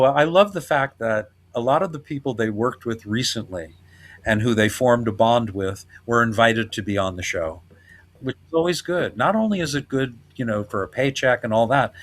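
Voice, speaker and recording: A man hosting a podcast, chatting casually and laughing often as he retells scenes. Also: mid-range voice. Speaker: podcast host. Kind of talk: casual chat.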